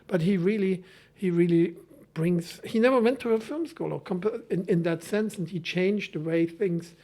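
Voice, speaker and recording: A man's voice: high voice, moderate pace, mellow. A man from Germany with a German accent, a film school lecturer talking in a podcast interview with many hesitant restarts.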